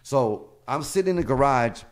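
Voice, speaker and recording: A man's voice: medium pitch, moderate pace. A man, a comedian guest, telling casual stories with lots of swearing and acted-out dialogue. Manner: animated, acts out quoted dialogue, swears freely. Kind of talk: casual storytelling.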